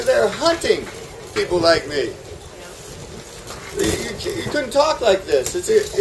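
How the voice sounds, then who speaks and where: Passionate man with a high voice. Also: vocal fry, background noise. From New England. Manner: passionate, asks the audience rhetorical questions. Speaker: farmer giving a conference talk. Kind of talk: public talk to a live audience.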